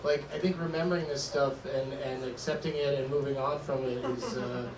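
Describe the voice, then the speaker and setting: A man's voice: medium pitch, steady tone, brisk, background noise. A man guesting on a live comedy podcast, chiming in with wry asides and jokes. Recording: echoey live venue, mic far, loud crowd.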